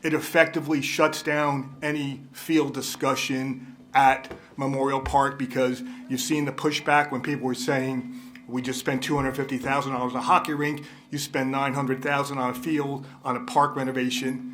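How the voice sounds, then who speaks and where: A man giving an argumentative, brisk public comment at a council meeting. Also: medium pitch, flat delivery. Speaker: resident speaking at public comment.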